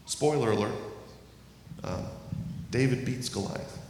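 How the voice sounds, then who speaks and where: A man preaching a sermon, earnest and deliberate, slowing down to stress key words and reading scripture aloud. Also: medium pitch, a little mellow, a little hiss or hum. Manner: earnest, reads scripture aloud, slows for emphasis. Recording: echoey hall with faint ambience.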